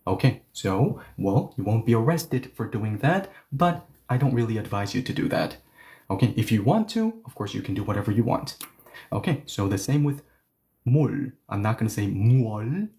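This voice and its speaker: Man, language teacher, online lesson, mellow tone, animated step-by-step explaining. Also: lowish voice, fairly quick. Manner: animated, explains step by step, often asks "right?".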